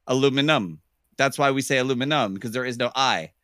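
A man's voice: mid-range voice, a little fast, a bit bright, no echo, studio quality. A man co-hosting a comedy podcast, rambling through a story with fillers and frequent laughter. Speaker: podcast co-host. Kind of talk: casual comedic chat.

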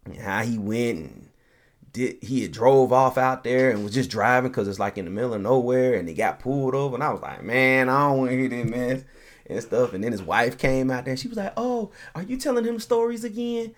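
A man hosting a podcast, telling a long story in a relaxed, animated way, acting out the people he quotes and laughing often. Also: medium pitch, brisk. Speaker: podcast host. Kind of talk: casual storytelling.

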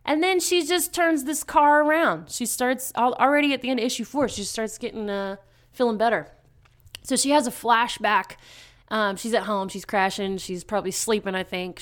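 A woman casually recapping a horror comic in chat, animated, dropping into quick character voices with lots of fillers. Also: mid-range voice. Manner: chatty, lots of fillers and restarts. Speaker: podcast co-host recapping a comic.

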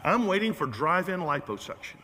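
A pastor preaches a sermon in a church sanctuary, animated and joking, poking fun at himself as he talks to the room. His voice is high-pitched and a little fast, sounding out in a large hall.

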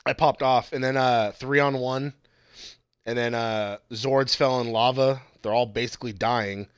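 A young man in casual chat, going through his notes on a TV episode, swearing freely and mimicking the characters in sudden high yelps. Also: fairly even intonation, a little slow, clean tone, no echo. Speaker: co-host reviewing a TV episode.

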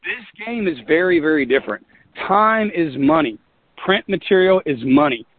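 A man's voice: sits high, expressive, normal speed. Earnest folksy man on a tinny line. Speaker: business leader. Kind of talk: motivational team talk.

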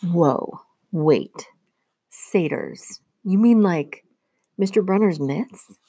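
A woman's voice: fairly low pitch, expressive, extremely slow, dark tone, husky, no echo, clean studio sound, full character voice. A woman voicing a bewildered twelve-year-old boy who fires off incredulous questions.

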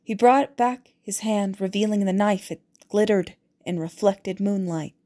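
Woman narrating a novel slowly. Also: mid-range voice, dark tone. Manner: measured, deliberate reading. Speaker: audiobook narrator. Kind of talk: scripted audiobook narration.

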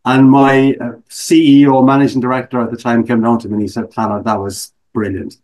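A man's voice: mid-range voice, flat delivery, brisk, a little mellow. Irish man telling stories with humor. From Ireland. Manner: storytelling, self-mocking humor. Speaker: guest, motivational speaker. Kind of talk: casual interview talk.

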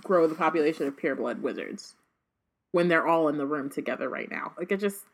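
A woman's voice: sits low, animated, a little fast. A woman co-hosting a casual book podcast, summarizing and discussing chapters in a chatty way with many fillers. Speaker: podcast co-host.

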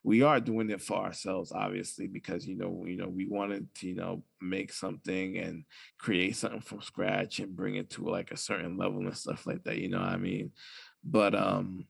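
Low, level and gravelly with a breathy edge, this young man's voice moves at a normal speed. He co-hosts a casual podcast, chatting in a relaxed, profane manner and laughing his way through his stories.

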